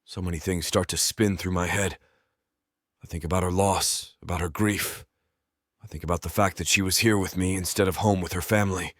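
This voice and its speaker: A man narrating a romance audiobook in first person, measured and reflective. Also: low voice, fairly even intonation, no echo, clean studio sound.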